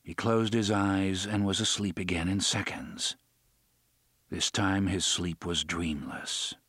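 A man narrating an audiobook in a steady, measured storytelling voice, close to the mic. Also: low voice, slightly rough, no echo. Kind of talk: scripted narration.

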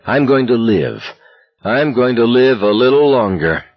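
A man's voice: mid-range voice, lively intonation, measured pace, dry recording, dull audio, pitched above the performer's own voice. A man voicing a young male marcher, giddy, breathless and desperate. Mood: grim.

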